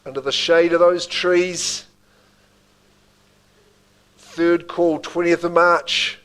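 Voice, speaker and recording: A man's voice: on the high side, fairly even intonation, slow pace, fairly bright tone, smooth, rough recording. A man with a New Zealand accent calling bids at a live property auction, with rhythmic bid calls and chatty asides to the room.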